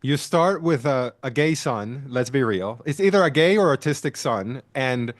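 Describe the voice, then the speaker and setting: Brief: deliberate, emphatic man in casual film talk, mid pitch, dry sound. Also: animated, no echo. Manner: slow, deliberate, emphatic points. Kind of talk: casual movie review chat.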